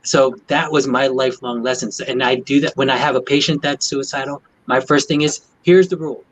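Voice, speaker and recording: A man's voice: medium pitch, flat delivery, a little fast, fairly bright tone, low-quality recording. A man who is a doctor, talking on a video panel and telling a personal story in an earnest way. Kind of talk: video call chat.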